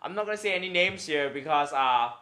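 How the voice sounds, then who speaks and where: A man's voice: a little high, lively intonation, quick pace, pushed and bright. A young man from Singapore, hosting a podcast in casual, rambling chat full of swearing. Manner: rambling, swearing, laughing often. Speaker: podcast host.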